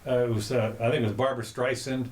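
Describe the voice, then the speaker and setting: A man hosting a podcast, chatting casually in a rambling, halting way with many restarts. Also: mid-range voice, flat delivery, a little mellow. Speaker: podcast host. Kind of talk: casual chat.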